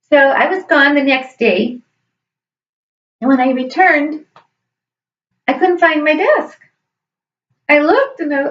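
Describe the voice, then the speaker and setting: A woman's voice: high-pitched, animated, moderate pace. Earnest, emotional middle-aged woman storyteller. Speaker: high school teacher. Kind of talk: personal storytelling. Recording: echoey room, distant dull mic.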